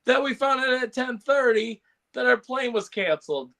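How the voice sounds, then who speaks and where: A man's voice: very high-pitched, lively intonation, moderate pace, creaky, sharp tone. A man co-hosting a casual podcast chat, rambling with lots of fillers and laughs. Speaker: podcast co-host.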